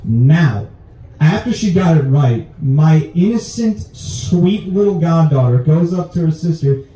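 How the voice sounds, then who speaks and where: A young man doing a stand-up comedy set on a club stage, animated and jumping into high voices for his punchlines. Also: unhurried, distant mic. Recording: very echoey club room, mic set back.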